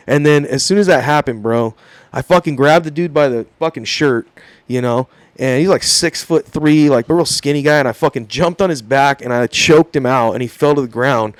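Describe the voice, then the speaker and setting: A man's voice: mid-range voice, no echo. Profane man telling a wild story. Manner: profane, animated storytelling with voiced quotes. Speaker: podcast guest. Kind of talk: casual storytelling.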